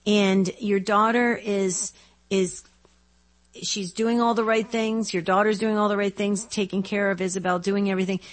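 A woman hosting a Catholic call-in radio show, encouraging and gently probing as she talks with callers. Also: medium pitch, level tone, normal speed.

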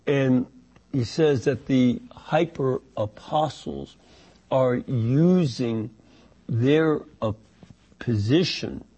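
A man teaching a Bible study, reading passages and explaining them in an unhurried way with many fillers and restarts. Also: mid-range voice, warm tone, husky.

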